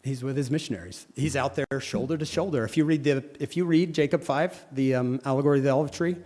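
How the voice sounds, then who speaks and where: A man's voice: fairly high pitch, fast, big-room sound. A man teaching a congregation in a sermon, telling stories and acting out the people in them. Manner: animated storyteller acting out quoted people. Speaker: religious teacher speaking to a congregation. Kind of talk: sermon with storytelling. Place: church hall.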